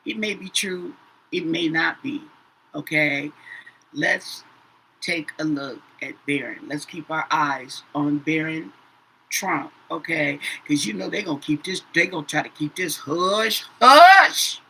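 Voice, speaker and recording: Woman, tarot reader, bright voice, faint room hum. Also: low-pitched, measured pace, creaky, low-quality recording. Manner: says "okay?" after nearly every phrase, repeats herself. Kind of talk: casual tarot reading to viewers.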